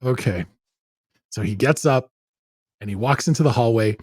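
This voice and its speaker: A man's voice: medium pitch, normal speed, dry recording, studio quality. A middle-aged man hosting a podcast, telling a story in a loose, profane way and laughing as he goes. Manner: animated, profane, laughs while telling stories. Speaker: podcast host. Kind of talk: casual storytelling chat.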